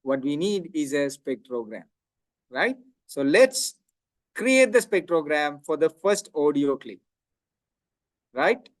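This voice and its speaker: A man's voice: a little high, big pitch swings, slow pace, pauses often, no room sound. A middle-aged man lecturing on audio and speech technology, explaining step by step and often checking in with "right?".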